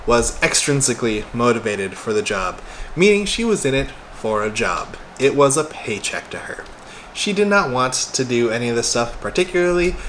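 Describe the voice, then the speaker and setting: A man's voice: medium pitch, fairly bright tone, slight background noise. A young man casually retelling a tense phone call from his helpline work, quoting both sides and swearing now and then. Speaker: former crisis helpline worker. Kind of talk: casual storytelling monologue.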